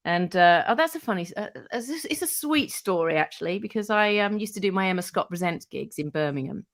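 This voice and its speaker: Animated woman telling stories. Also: medium pitch, a little fast. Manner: animated, acts out quoted voices, swears freely. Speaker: radio presenter, podcast guest. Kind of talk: casual anecdote telling.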